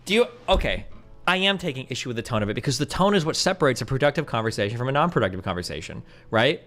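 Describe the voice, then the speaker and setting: A man's voice: mid-range voice, lively intonation, racing, a bit bright, faint music behind. A man debating heatedly, interrupting insistently and pressing his points in an argumentative way.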